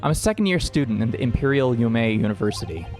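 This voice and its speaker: A nervous young guy stuck on trial, a man reading him out loud from a game, plain everyday voice with faint music under it. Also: mid-range voice, animated, fast talker, natural voice. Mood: anxious. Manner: earnest dialogue read aloud from the game.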